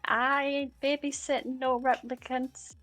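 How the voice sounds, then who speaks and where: A woman voicing a gruff, blunt veteran woman detective in a tabletop game. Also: high-pitched, level tone, a little slow, fairly bright tone, soft background music. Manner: blunt, dismissive talk. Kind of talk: tabletop role-play in character.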